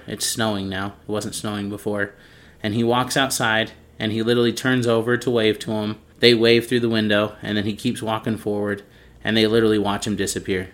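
A man co-hosting a podcast, telling a story in a casual, animated way and acting out the people in it. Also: fairly low pitch. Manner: animated storyteller, acts out quoted voices. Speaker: podcast co-host.

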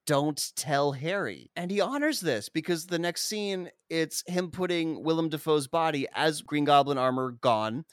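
A man's voice: a little high, normal speed, few pauses, clean tone, no room sound, studio quality. A man recapping a movie scene by scene in a casual, rambling way, swearing freely. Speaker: podcast co-host recapping a film. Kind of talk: casual profane film recap.

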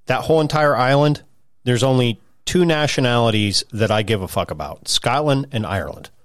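A man's voice: medium pitch, a little fast, dry recording, studio quality. A man co-hosting a podcast in casual chat, swearing freely and laughing often. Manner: profane, laughing, animated. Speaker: podcast co-host.

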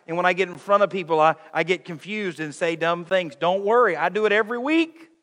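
A man's voice: sits high, brisk, hardly any pauses, a bit bright, big-room sound. A man preaching a sermon to his congregation, calling them friends and acting out everyday quotes with humor. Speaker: pastor. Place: church sanctuary.

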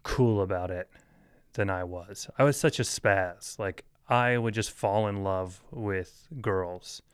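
A man's voice: on the low side, slow pace, clear, resonant tone, no room sound, clean studio sound. A man in his thirties hosting a casual solo podcast, rambling loosely, chuckling often and swearing offhand. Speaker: podcast host.

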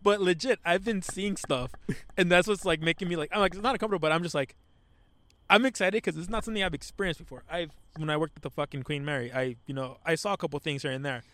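A young man co-hosting a podcast outdoors at night, rambling excitedly with lots of swearing into a microphone. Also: a little high, fast, no room sound. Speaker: podcast co-host. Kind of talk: casual chat.

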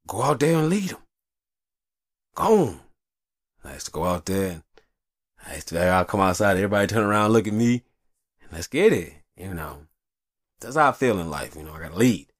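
A man's voice: low-pitched, brisk, dry recording, clean studio sound. A man hosting a show, talking in a rambling, profane, confessional way from a hot upstairs room. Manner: profane, rambling, animated storyteller. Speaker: show host. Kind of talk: casual confessional monologue.

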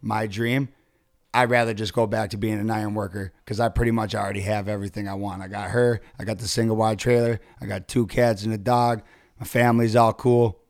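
A man's voice: lowish voice, flat delivery, a little fast. A man, a guest musician, speaking openly and earnestly in a casual chat.

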